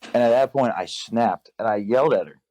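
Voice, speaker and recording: A young man telling a work story in casual podcast chat, profane and animated, acting out the dialogue. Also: medium pitch, brisk. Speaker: podcast guest.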